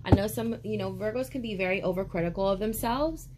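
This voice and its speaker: Chatty, animated woman reading tarot. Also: mid-range voice, quick pace, loud music behind the voice. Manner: animated, calls viewers baby and honey; chatty, sure of herself. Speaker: tarot reader. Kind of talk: casual tarot reading video.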